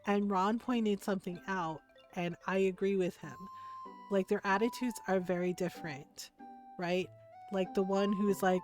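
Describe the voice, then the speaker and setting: A woman's voice: medium pitch, measured pace. Chatty woman streamer, faint music behind. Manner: rambling anecdote, tags sentences with "right?"; animated, acts out other people's lines. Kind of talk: casual storytelling while gaming.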